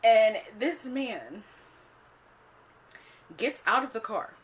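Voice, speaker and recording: A woman vlogger telling a casual storytime, swearing freely, filling every pause with "like" and acting out what she said back then. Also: on the high side, slight background noise. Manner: animated, swears freely, acts out her own past lines; heavy use of "like" as filler.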